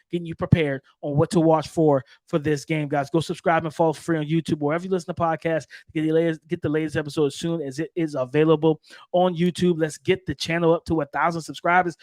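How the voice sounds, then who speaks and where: A man hosting a sports podcast, keyed up and repeating himself as he talks straight to his listeners. His voice sits a little higher than most men's. The sound is dry and close, with no room around it. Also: fairly even intonation, fast talker, no room sound. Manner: hyped, repetitive, talking straight to listeners. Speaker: podcast host.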